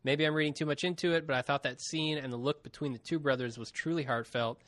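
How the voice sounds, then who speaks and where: A man's voice: fairly high pitch, steady tone, fast, a bit bright, dry recording. A man co-hosting a podcast, reading listener emails aloud in a casual chat and laughing often.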